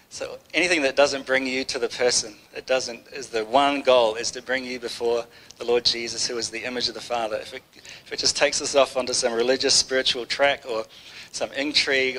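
A man's voice: mid-range voice, pushed and bright, slight background noise, poor audio. Man giving a rambling, conversational sermon. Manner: conversational, rambling, with many restarts. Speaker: preacher. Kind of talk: informal sermon.

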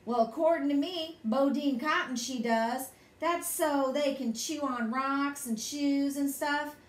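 A woman voicing an ornery farm boy who speaks calmly and matter-of-factly. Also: high voice, a little slow. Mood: smug. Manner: calm, matter-of-fact. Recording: echoey room.

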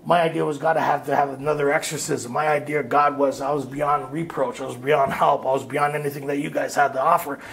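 A man's voice: fairly high pitch, level tone, fast, vocal fry, hardly any pauses, fairly bright tone. A man speaking to a recovery workshop group, blunt and streetwise, telling his story and laughing at himself. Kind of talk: candid storytelling talk to a group. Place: retreat meeting room.

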